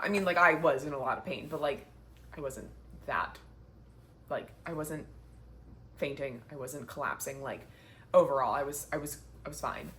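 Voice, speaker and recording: A young woman with a low-pitched voice talks in a casual sit-down chat, chatty and heartfelt. She fills her sentences with "like". A faint hiss of noise sits behind her. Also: normal speed, a bit bright. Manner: chatty and heartfelt, many "like" fillers. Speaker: vlogger, marathon runner. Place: indoors, sitting down.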